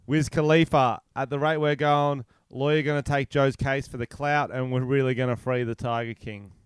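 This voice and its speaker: Man, comedy podcast co-host, smooth clear voice, crude jokester, dry close sound over a video call. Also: mid-range voice, steady tone, moderate pace, no echo. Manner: crude, joking, playful trash talk. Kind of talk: casual comedy chat.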